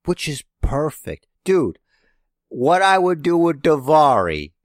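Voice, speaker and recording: A male podcast co-host in loose, joking chat, swearing freely, with a lively voice that rises and falls a great deal. The recording is dry and close. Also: on the high side, slow, no echo. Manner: joking, profane, animated. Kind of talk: casual chat.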